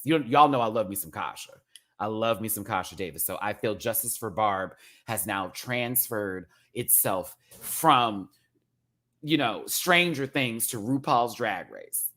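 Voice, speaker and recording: A man giving a casual, sassy rant review of a TV show, full of drag slang and expressive asides. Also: mid-range voice.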